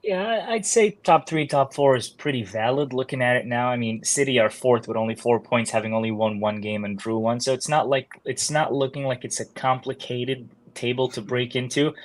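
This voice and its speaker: A man's voice: mid-range voice, a little fast, hardly any pauses, dry recording. A man co-hosting a sports talk show, recorded dry with no room sound. He gives opinions with wry humor and laughs at his own jokes. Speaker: podcast co-host.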